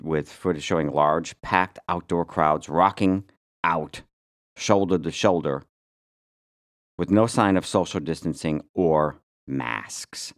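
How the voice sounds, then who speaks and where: A male podcast host talking casually in a very low voice. He rants bluntly and repeats words as he goes. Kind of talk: casual chat.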